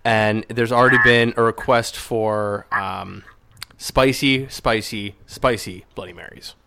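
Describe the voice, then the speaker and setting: A man's voice: fairly low pitch, steady tone, slow, gravelly, sharp tone, slight background noise. Easygoing male podcast host. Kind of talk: casual chat.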